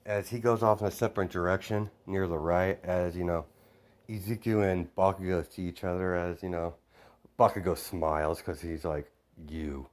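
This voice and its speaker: Low-voiced man rambling through a story. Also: fairly even intonation, moderate pace, a little mellow. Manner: rambling, off-the-cuff, self-correcting. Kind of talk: improvised fan-fiction narration.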